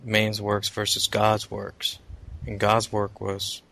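A low-voiced man with a gravelly, creaky edge talks earnestly about faith. He speaks haltingly and sounds a little far off. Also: completely flat delivery, fairly bright tone. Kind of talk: casual faith discussion.

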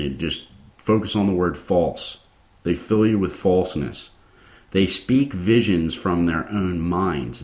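A man delivering a sermon in a very low, deep voice. He speaks casually to his listeners and turns fired up and forceful as he presses his point. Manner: grows impassioned and fired up. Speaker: preacher.

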